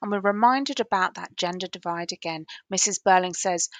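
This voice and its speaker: A woman's voice: fairly low pitch, normal speed, dry recording. Chatty woman explaining a play. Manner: conversational, with frequent ums and rhetorical questions. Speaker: literature teacher.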